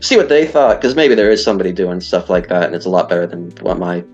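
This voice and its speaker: A man's voice: low voice, lively intonation, fast, a little mellow. A man, chatting casually as an interview guest, rambling and self-deprecating. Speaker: guest, league player. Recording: dull lo-fi audio, faint music.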